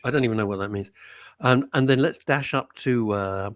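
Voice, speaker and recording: A man's voice: mid-range voice, normal speed, no echo, clean studio sound. A man hosting a live radio show, rambling and joking as he greets listeners. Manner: rambling, jokey, reads out listener messages. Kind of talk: chatty live radio banter.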